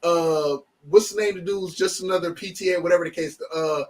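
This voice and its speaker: A middle-aged man hosting a podcast, talking casually in a loose, rambling, animated way with many restarts. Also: high voice, fairly quick. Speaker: podcast host. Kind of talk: casual chat.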